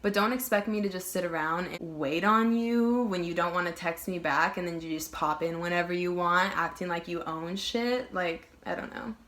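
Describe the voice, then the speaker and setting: A woman's voice: fairly low pitch, moderate pace, few pauses, fairly bright tone. A young woman vlogger telling a casual storytime, emphatic and heated, swearing and filling her talk with "like".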